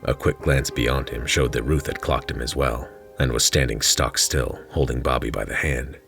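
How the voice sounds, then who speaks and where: Very deep, gravelly male storyteller. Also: steady tone, normal speed, a bit bright, soft background music. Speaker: storyteller reading his own story. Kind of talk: storybook narration.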